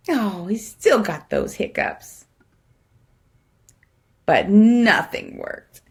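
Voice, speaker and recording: A woman's voice: deep voice, lively intonation, slow, slightly rough. A woman reading a picture book aloud to children, with playful, chatty asides. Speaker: guest storybook reader.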